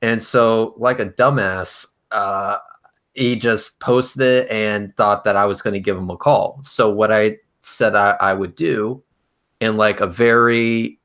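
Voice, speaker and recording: A man's voice: lowish voice, fairly even intonation, unhurried, fairly bright tone. A man hosting a livestream chat, telling a profane story with dry humor. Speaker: show host.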